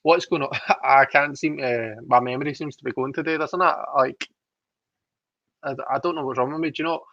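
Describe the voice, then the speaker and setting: Man, livestream host, chatty, giggly, dry close sound, gravelly voice. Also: medium pitch, steady tone, a little fast, fairly bright tone, no echo, dull audio. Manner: chatty, giggly, self-deprecating. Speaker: livestream host reading tarot. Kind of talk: casual chat reading out viewer comments.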